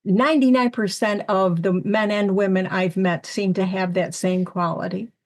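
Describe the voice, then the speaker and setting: An older woman chats through her stories in an even, middle-pitched voice. She animates the quotes as she goes, easy and talkative. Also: normal speed. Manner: chatty, animated storyteller who acts out quotes. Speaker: guest medium. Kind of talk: casual storytelling interview.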